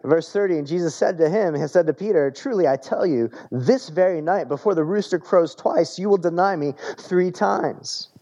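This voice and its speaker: A man preaching a sermon in a relaxed, conversational way, often repeating words as he searches for the phrase. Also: fairly high pitch, moderate pace, few pauses, muffled recording. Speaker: pastor.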